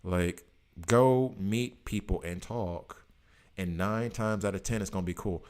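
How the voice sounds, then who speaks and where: A man's voice: lowish voice, measured pace, a little mellow, clear, resonant tone. An American man in his late thirties, chatting loosely with viewers on a live stream in a rambling, slangy way. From United States. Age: 30s. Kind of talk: casual chat with viewers.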